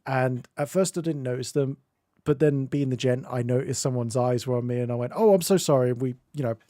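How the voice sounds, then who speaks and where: A man's voice: medium pitch, flat delivery, a little fast, dark tone, no echo, clean studio sound. A British man hosting a stream, chatting and telling a story in a rambling, casual way with frequent laughter. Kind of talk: casual chat.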